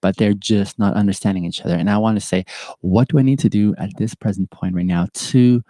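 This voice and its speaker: Deep-voiced earnest man hosting a podcast. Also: a little fast, dark tone, dry recording. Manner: earnest, thoughtful, repeats phrases. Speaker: podcast host. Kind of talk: reflective solo podcast talk with live chat.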